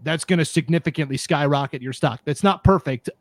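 Podcast host, male, higher voice, dry close mic, fires up fast and rants. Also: no echo. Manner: animated, gets fired up and rants. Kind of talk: casual sports podcast chat.

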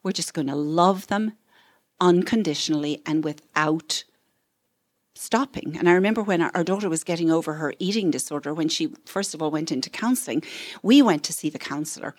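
A middle-aged woman counselor gives a talk at a parenting seminar, speaking expressively and acting out the voices of parents and children. Her voice is deep and her pace brisk.

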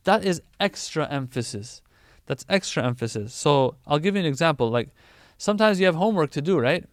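Male preacher, relaxed conversational sermon, crisp clear tone, dry close sound. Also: on the high side, a little fast, no echo. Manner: conversational, animated teaching with everyday examples.

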